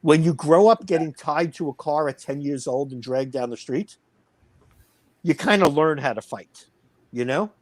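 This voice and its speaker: A man's voice: on the high side, moderate pace, no echo. A man in his fifties, a wrestling promoter, telling a heated story in a blunt, boastful way. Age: 50s. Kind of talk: casual storytelling.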